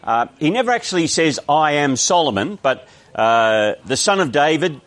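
A man's voice: a little high, sing-song, moderate pace, a bit bright. A man with an Australian accent preaching a sermon, explaining a text in a conversational way with frequent restarts.

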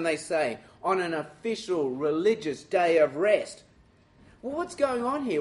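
An Australian man preaching a sermon in a lively, self-mocking and direct way. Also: sits high, unhurried.

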